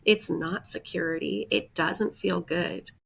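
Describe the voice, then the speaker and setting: A woman's voice: fairly low pitch, fairly even intonation, unhurried, creaky, breathy edge. A woman hosting a podcast, congested from a head cold and breathing audibly, speaking earnestly in a reflective self-help monologue. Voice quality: breathes audibly with heavy sighs. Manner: earnest, encouraging, often adds "right?" and "like". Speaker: podcast host.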